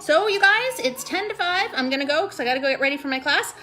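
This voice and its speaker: High, bright, gushing woman vlogger. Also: animated, fast talker, soft background music. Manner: gushing, rambling, full of "like" and "totally". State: close to tears at times. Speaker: network marketing vlogger. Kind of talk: casual motivational vlog.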